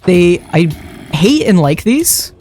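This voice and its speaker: A man's voice: high-pitched, big pitch swings, slow, darkish tone. A man livestreaming a game, chatting and muttering his thoughts aloud as he plays. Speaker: streamer. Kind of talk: live game-stream commentary. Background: faint background music.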